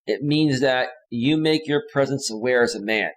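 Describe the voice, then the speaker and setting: A man's voice: medium pitch, moderate pace. A male relationship coach giving casual advice in an earnest, lecturing way.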